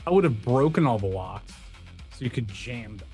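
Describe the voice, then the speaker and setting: A man's voice: medium pitch, expressive, moderate pace, mellow, faint music behind. A man playing in a tabletop role-playing game, arguing his case casually. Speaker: player.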